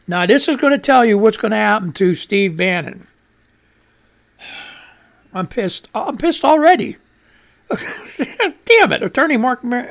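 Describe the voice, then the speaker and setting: This radio host reads out the news headlines and follows each with a profane rant. Frequent coughs and throat-clearing break up his speech, and his pitch climbs whenever he gets heated.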